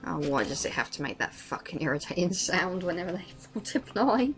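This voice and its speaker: A woman gives casual, sarcastic commentary over a video game, swearing freely and breaking into laughter. Her voice sits on the low side but jumps around with lively, animated pitch. Faint game music plays quietly underneath. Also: a little fast. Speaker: let's play commentator.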